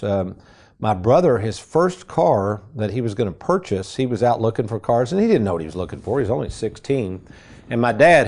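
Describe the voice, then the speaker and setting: A middle-aged man hosting a financial radio show, telling folksy stories in a casual, animated way. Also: lowish voice. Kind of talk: casual radio chat and storytelling.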